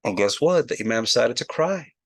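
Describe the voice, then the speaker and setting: A man telling a comic story with animated, brisk delivery. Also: medium pitch. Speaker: comedic storyteller.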